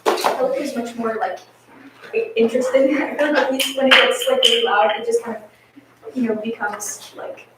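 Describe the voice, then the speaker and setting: A woman's voice: on the high side, steady tone, moderate pace. A young woman student musician answering her coach hesitantly, with many fillers. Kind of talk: casual answer in a masterclass. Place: large echoey rehearsal room. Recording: echoey distant mic with clattering noise.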